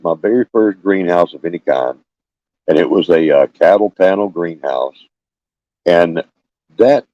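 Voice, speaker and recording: Older homestead host, scratchy and low, unhurried folksy live-stream chat, dull phone sound. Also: male voice, warm tone, dry recording. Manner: halting, folksy, many fillers and restarts. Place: small room with fans running.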